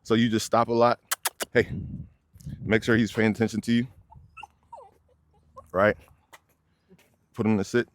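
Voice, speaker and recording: Low-voiced man coaching a dog walk outdoors. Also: little pitch movement, a little slow, long pauses. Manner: casual, instructive, addresses viewers as y'all. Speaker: dog trainer. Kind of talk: outdoor training demonstration. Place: outdoors by a fence near many dogs.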